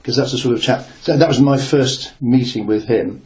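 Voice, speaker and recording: An older man who once worked as a newspaper reporter recalls a workplace memory, rambling and hesitant, full of fillers and restarts. His mid-range voice is a little mellow and moderately paced, in a reflective oral-history telling.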